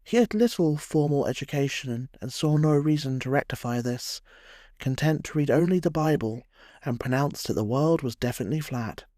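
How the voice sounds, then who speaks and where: A man's voice: medium pitch, expressive, normal speed, mellow, no room sound. A man narrating a scripted history tale in a wry storytelling way, with dry humorous asides.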